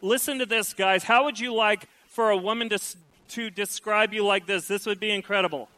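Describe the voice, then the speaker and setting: Animated preacher man. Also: sits high, a little fast, poor audio. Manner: animated preaching, acts out quoted voices. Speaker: pastor. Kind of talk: sermon.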